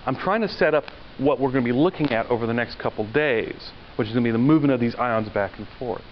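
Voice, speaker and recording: This male university lecturer has a medium-pitched voice and talks fast. His lecture is conversational, full of questions to the class and anecdotes along the way, captured in a dull, lo-fi recording with faint noise.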